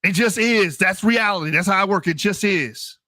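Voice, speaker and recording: A man's voice: high-pitched, normal speed, pushed and bright, no echo, clean studio sound. A man hosting a channel, giving blunt, mocking and profane commentary as he reacts to results on screen. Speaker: channel host.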